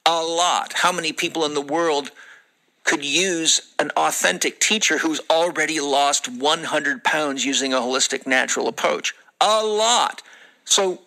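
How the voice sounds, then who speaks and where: A man's voice: fairly high pitch, steady tone, moderate pace, vocal fry, bright, forceful tone, poor audio. A man speaking as a holistic lifestyle coach in a podcast conversation, earnest and lecturing, acting out exchanges with his students. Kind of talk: podcast conversation, played as a clip.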